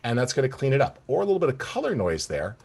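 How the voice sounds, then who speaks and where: A middle-aged man giving an enthusiastic live software demonstration, talking straight to the viewers and checking in with them often. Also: medium pitch, huge pitch swings, fast talker, gravelly, husky. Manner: enthusiastic, addresses viewers directly with "guys" and "right?". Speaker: software presenter.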